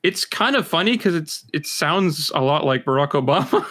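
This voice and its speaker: A young man in loose podcast banter who throws in remarks casually and chuckles often. His voice sits a touch higher than most men's. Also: animated, normal speed, a bit bright. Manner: offhand, says "dude" a lot, chuckles. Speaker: podcast co-host.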